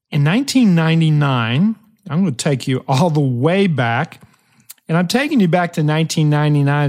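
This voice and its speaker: A man hosting a motivational podcast, telling a story emphatically with dramatic pauses and shifting pace. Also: medium pitch. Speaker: podcast host.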